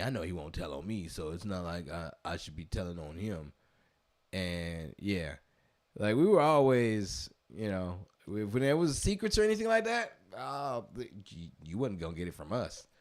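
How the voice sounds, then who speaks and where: Chill podcast guy, lowish voice, rambles and swears easy. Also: lively intonation, moderate pace, darkish tone. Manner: laid-back, rambling, swears casually. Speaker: podcast co-host. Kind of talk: casual chat.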